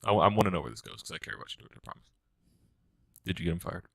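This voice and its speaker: Fast-talking gravelly young man. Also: a bass voice, expressive, dry recording, clean studio sound. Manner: fast joking banter, teasing. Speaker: podcast co-host. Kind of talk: casual chat.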